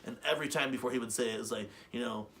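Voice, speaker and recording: A man co-hosting a webshow, telling stories in a rambling, profane, animated way. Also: mid-range voice, racing. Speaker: webshow co-host. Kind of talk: casual chat.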